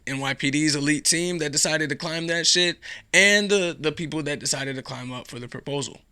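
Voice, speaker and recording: A man's voice: a little high, a little fast, bright, forceful tone, clean tone. A man hosting his own show, talking alone in a casual, rambling way, sarcastic and dropping into a whisper for effect. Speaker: podcast host. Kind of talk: casual solo commentary.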